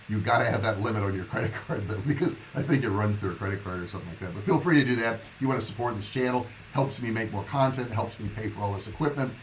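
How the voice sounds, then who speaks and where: A man's voice: on the low side, slight background noise, low-quality recording. A man hosting a casual live stream, talking to his viewers in a loose, rambling, chatty way. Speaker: livestream host.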